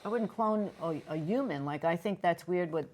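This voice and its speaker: A woman's voice: lowish voice, moderate pace, a little mellow, a little hiss or hum. A woman co-hosting a relationship talk show, chatting candidly and often breaking off mid-thought. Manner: chatty, candid, self-interrupting. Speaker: co-host. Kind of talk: casual chat.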